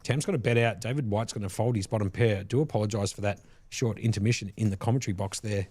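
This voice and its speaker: A man commentating a live poker stream from a commentary box on a headset mic, relaxed and chatty, with frequent laughs. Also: on the low side, quick pace, no room sound. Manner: easygoing, laughs often, chatty asides.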